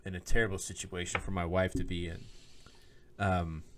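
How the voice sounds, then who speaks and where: A man co-hosts a faith-themed podcast in easy conversation, with a lowish voice. He tells stories from his own life, slips into the voices of the people he quotes, and laughs easily. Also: level tone, normal speed, noisy background. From Oklahoma. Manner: storytelling, acts out quoted lines, laughs often. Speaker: podcast co-host, minister. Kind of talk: casual chat, personal story. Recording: podcast microphone.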